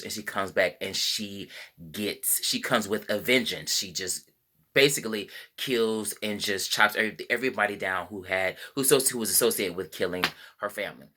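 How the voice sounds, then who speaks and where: Bright-voiced deep man reviewing a film. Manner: rambling, with frequent fillers and self-corrections. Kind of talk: casual spoken movie review.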